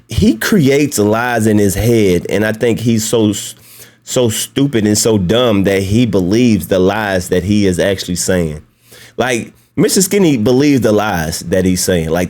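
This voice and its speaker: A man's voice: on the low side, expressive, measured pace, darkish tone. A man hosting a casual commentary video, talking bluntly and mockingly, often breaking into laughs. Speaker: YouTube commentary host.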